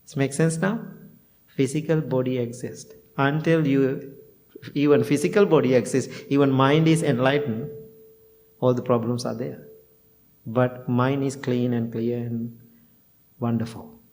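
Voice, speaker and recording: Chuckling monk giving a homely talk. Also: male voice, mid-range voice, fairly even intonation, measured pace, long pauses, a little mellow. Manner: plain simple phrasing with chuckles, acts out both sides of conversations. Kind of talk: informal dharma talk to a temple group.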